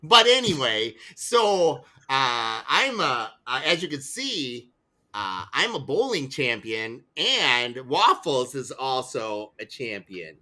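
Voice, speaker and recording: Slow, animated man improvising in character. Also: mid-range voice. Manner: playful, stammering, drawn-out. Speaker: player. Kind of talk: in-character improv role-play.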